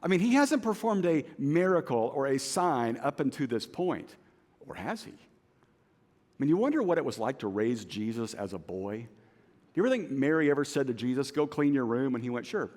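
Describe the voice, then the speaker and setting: A man's voice: mid-range voice, sing-song, normal speed, darkish tone. A middle-aged man preaching a sermon as pastor, telling stories with self-deprecating humor. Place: large church auditorium. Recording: long hall reverb.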